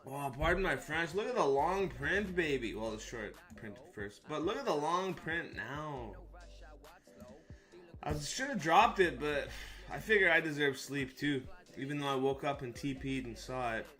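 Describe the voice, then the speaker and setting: Casual male stream host, bright forceful voice, jokey and hyped, faint music behind. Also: a little high, expressive, measured pace. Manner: joking, hyped, slangy and swearing. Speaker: live stream host for crypto trading. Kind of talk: casual live-stream chat over charts.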